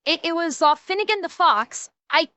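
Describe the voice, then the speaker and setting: A woman's voice: very high-pitched, animated, normal speed, pushed and bright, dry recording. A woman streamer giving casual reaction commentary, emphatic and ranting, swearing often and swinging between mocking and serious.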